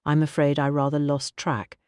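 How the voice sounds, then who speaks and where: A narrator voicing Florence, a kindly woman with a soft Scottish accent who speaks gently and reassuringly. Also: mid-range voice, completely flat delivery, normal speed, smooth, no echo, studio quality, close to an everyday voice. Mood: apologetic. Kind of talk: audiobook character reading.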